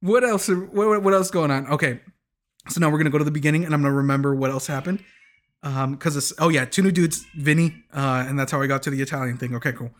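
A man chatting casually as a podcast host, joking, laughing easily and often restarting his sentences. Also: a little high. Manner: rambling, joking, quick to laugh; restarts and corrects himself often. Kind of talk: casual chat recapping a TV show.

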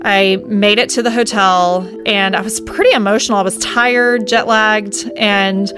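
A woman in her thirties tells her story in an earnest, reflective way, with a middle-of-the-road pitch. Her talk is loose and sprinkled with "like". Soft music plays faintly underneath. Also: steady tone, unhurried. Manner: earnest and reflective, often saying "like". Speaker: guest telling her travel story. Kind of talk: personal storytelling on a podcast.

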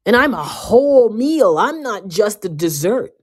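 A woman giving a casual motivational talk, emphatic and given to repeating herself, swinging between loud bursts and quiet asides. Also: medium pitch, very animated, unhurried, breathy edge. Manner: emphatic, often repeating and restarting words. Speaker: speaker giving a self-help talk.

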